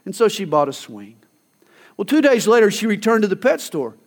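A man's voice: sits high, sing-song, moderate pace. A male pastor preaching a sermon, emphatic, telling stories and acting out quoted lines. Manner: emphatic, storytelling with acted quotes.

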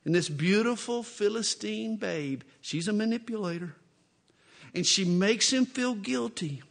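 A man's voice: high-pitched, measured pace, vocal fry. A male preacher teaching from scripture in a folksy, joking, conversational way. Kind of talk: expository sermon with humorous asides.

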